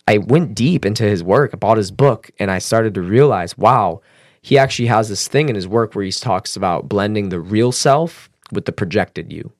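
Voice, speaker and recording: A man telling a personal story as a podcast guest, casual and animated, swearing and using fillers. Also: moderate pace, no room sound, studio quality. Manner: animated, acts out quotes with raised pitch.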